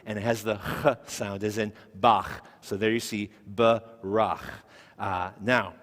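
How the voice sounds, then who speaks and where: A man's voice: fairly low pitch, steady tone, takes it slowly, fairly bright tone. A man teaching a Hebrew lesson to a class, explaining patiently step by step and asking questions. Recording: echoey hall recording.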